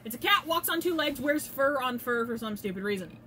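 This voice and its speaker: Woman, high animated voice, crude loud player, noisy room. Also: brisk. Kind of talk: casual game banter.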